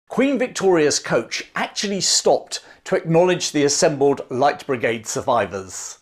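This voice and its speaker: A man narrating history in a scripted, dramatic storytelling manner, letting phrases fall away at their ends. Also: medium pitch.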